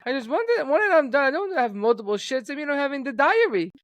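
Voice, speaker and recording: A fussy, indignant man with a thick foreign accent, put on by a podcast host, his voice jumping high with outrage. He draws out his words slowly and emphatically. The sound is dry and close. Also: animated, dry recording. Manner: indignant, high-pitched, slow emphatic delivery.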